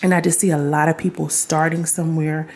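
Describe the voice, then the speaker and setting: A woman's voice: low voice, level tone, brisk, a little mellow, a little hiss or hum. A young woman talking casually to camera as a vlogger, chatty and affirming, speaking straight to her viewers with laughs and asides.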